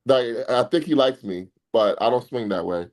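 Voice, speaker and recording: A man's voice: mid-range voice, lively intonation, moderate pace, a little mellow. A man hosting a boxing podcast in casual chat, blunt and exasperated, swearing at his co-host.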